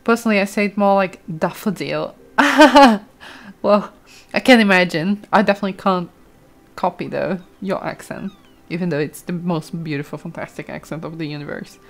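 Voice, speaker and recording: A woman's voice: fairly low pitch, moderate pace. A young woman from Brazil, chatting casually over gameplay, exclaiming often and reading chat aloud. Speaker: streamer.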